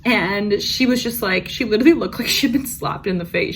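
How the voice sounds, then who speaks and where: A woman's voice: medium pitch, fairly quick, a little hiss or hum. A young woman vlogger telling work stories in a frank, profane, ranting way, casual storytime.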